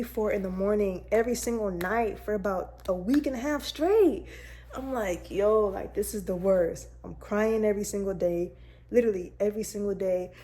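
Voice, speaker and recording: A woman's voice: mid-range voice, warm tone. A young woman vlogger chatting candidly to her viewers, telling a personal story in a casual, direct way.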